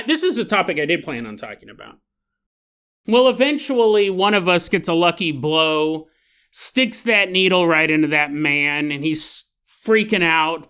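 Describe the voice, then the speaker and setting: A playful male podcast host tells a comic story in a giggly, jokey way. His pitch swings in an animated way, and his voice has a bright edge. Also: clear, resonant tone.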